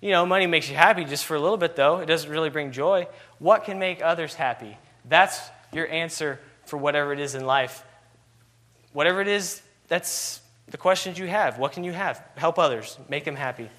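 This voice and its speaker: A man's voice: fairly high pitch, a little fast, sharp tone. A man preaching a sermon, asking repeated rhetorical questions with constant "you know" fillers.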